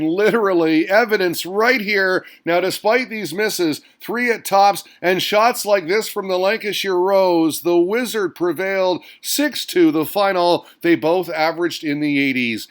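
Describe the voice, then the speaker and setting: Male sports recap host, high pitch, playful punchy scripted delivery. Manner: upbeat and playful, with punchy exclamations. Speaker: host of a darts recap show.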